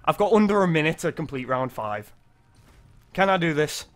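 Brief: guy in his twenties, bright, jumpy, sweary gameplay commentary. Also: on the high side, normal speed. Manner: excitable, sweary, yelps when startled. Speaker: gaming video creator.

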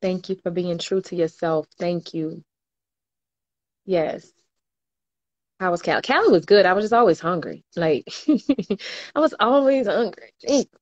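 A woman's voice: on the low side, expressive, unhurried, pauses often, lo-fi sound. Chatty young woman reading comments. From New Orleans, US. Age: 20s. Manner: chatty, laughs often, slangy, reads comments aloud. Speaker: livestream host. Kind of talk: casual livestream chat reading viewer comments.

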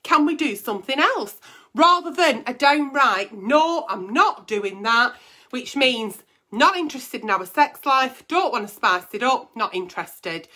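A woman's voice: sits high, bright, forceful tone. Blunt, sweary woman. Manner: blunt, swears freely, teasing. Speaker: advice show host. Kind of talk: casual comic advice chat.

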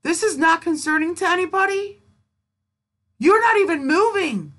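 A woman's voice: very high-pitched, expressive, moderate pace, fairly bright tone. A woman giving sarcastic, incredulous reaction commentary on a video.

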